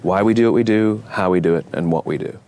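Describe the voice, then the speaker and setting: A man giving a measured, explanatory talk about how organizations work. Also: low-pitched, a little mellow. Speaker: speaker.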